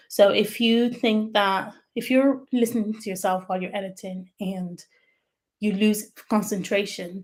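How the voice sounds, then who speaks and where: A woman's voice: mid-range voice, a little mellow. A woman who works as a YouTube strategist, giving tips in a chatty, explanatory livestream talk and stressing key words as she goes.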